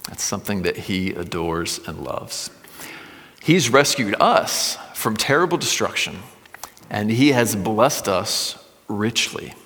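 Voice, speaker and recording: A man's voice: lowish voice, a bit bright. A male pastor giving a sermon, reading scripture aloud and then explaining it in a plain, conversational teaching manner in a church sanctuary. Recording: long reverb of a large hall.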